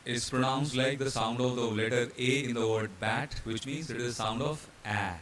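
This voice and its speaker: A mid-pitched man from India teaches step by step, spelling out letters and pausing on fillers as he moves through his slides. His steady voice sits over a faint background hiss. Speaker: hotel training instructor. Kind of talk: slide-based pronunciation lesson.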